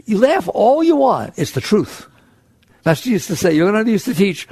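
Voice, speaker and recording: A man giving a spiritual talk to an audience, conversational and animated, acting out the voices in people's heads. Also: high voice, moderate pace, slightly rough, no echo. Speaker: spiritual teacher.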